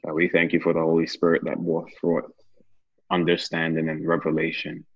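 Deep husky man leading a prayer. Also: monotone, a little fast, dry recording, highs cut off. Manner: earnest, praying with repeated phrases. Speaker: Bible study leader. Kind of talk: casual Bible study chat and closing prayer.

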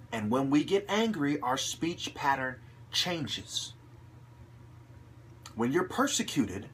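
A man ranting to camera in a heavily husky, breathy voice that sits a little high. He swears constantly and pushes hard, building his monologue into aggressive shouts. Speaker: channel host.

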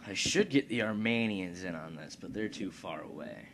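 His gravelly, low voice moves at an ordinary pace as he casually commentates a strategy game, talking to himself with crude jokes, profanity and asides. The recording carries steady background noise.

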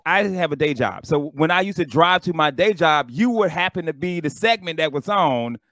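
A man's voice: fairly high pitch, animated, normal speed, a bit bright, dry recording, clean studio sound. A male radio co-host asking a guest eager, stumbling questions in casual chat.

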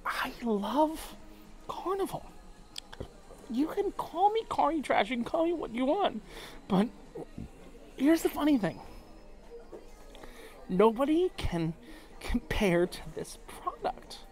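A man's voice: very high voice, very animated, slow pace, long pauses. A drunk man vlogging aboard a cruise ship, rambling emotionally and swearing often. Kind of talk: casual vlog monologue.

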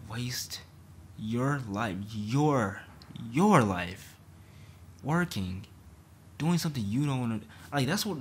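A young man vlogging a frustrated, animated rant about his job, stumbling and restarting as he talks. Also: mid-range voice, breathy edge. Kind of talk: ranting to camera.

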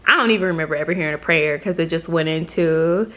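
A woman's voice: deep voice, fast, fairly bright tone. Chatty young woman vlogger telling a story. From Michigan. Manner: chatty, swears freely, acts out quotes. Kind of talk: casual storytime vlog.

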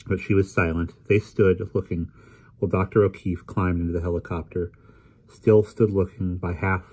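A man reading a novel aloud in measured, unhurried narration. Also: sits low, darkish tone, breathy edge. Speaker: audiobook reader.

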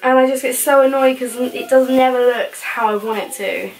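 A young woman vlogging at home in her bedroom, filming herself on a handheld camera. She talks quickly and chattily, rambling along and sounding a little out of breath. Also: high-pitched, slight background noise. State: slightly out of breath. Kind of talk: casual vlog chat.

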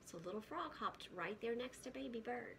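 A woman preschool teacher reading a picture book aloud to children, gentle and often hushed, stopping to ask questions. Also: a little high, animated, normal speed, vocal fry, background noise.

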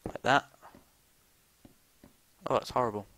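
A man's voice: measured pace, fairly bright tone, a little hiss or hum. A young man swearing his way through casual gameplay commentary, jumpy and given to sudden screams.

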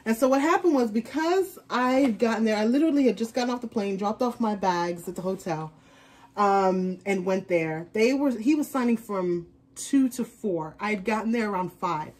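A woman's voice: mid-range voice, animated, moderate pace, darkish tone. A woman chatting casually in an unboxing vlog, rambling on as a fashion vlogger.

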